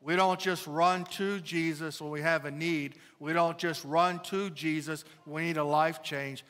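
A man's voice: sits high, sharp tone, long reverb tail. A middle-aged male pastor preaching a sermon, building emphasis and asking the congregation rhetorical questions.

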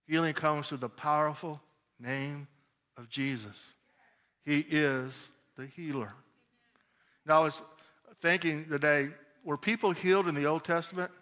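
Bright high-voiced male preacher. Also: moderate pace. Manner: storytelling with animated, emphatic delivery. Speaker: pastor. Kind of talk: sermon.

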